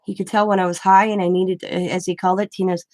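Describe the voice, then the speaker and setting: A woman's voice: fairly low pitch, flat delivery, quick pace, a little mellow, dry recording. A middle-aged woman hosting a craft channel, chatting casually and rambling through stories while she works. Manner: rambling, storytelling with restarts.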